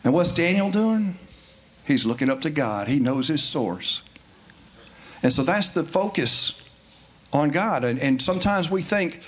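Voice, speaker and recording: A man preaching a folksy, conversational sermon in a church, building to emphatic high points. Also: lively intonation, unhurried, pauses often. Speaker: lay preacher. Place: church sanctuary. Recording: faint background noise.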